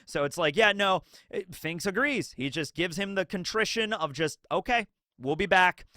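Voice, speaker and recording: A man's voice: high-pitched, moderate pace, no room sound, clean studio sound. A man hosting a casual anime commentary video, talking animatedly and acting out characters' lines in his retelling. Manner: animated, acts out quotes, swears casually.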